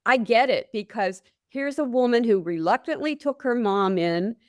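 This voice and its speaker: A woman who is a nurse hosts a caregiving podcast, speaking in a slightly high voice with lively intonation at a moderate pace, recorded dry with clean studio sound. In an interview conversation, she earnestly explains things using client stories and statistics.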